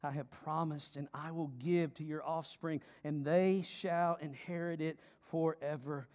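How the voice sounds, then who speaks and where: High-voiced man preaching slowly. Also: fairly even intonation, in a large hall. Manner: dynamic preaching, swinging between loud emphasis and hushed low delivery. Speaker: pastor. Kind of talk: sermon.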